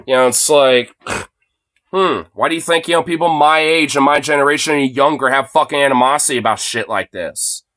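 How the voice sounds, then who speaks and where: A man's voice: mid-range voice, moderate pace, fairly bright tone, dry recording. Profane ranting man in his late twenties. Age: late 20s. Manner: profane, heavy fillers like "you know" and "dude". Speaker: livestreamer. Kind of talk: angry ranting monologue. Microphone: phone.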